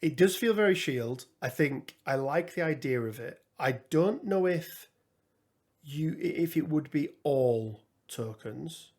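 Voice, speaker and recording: A man's voice: fairly high pitch, animated, a little slow, a little mellow. Man musing in casual gaming chat. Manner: musing, thinks aloud with frequent restarts and fillers. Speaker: podcast co-host.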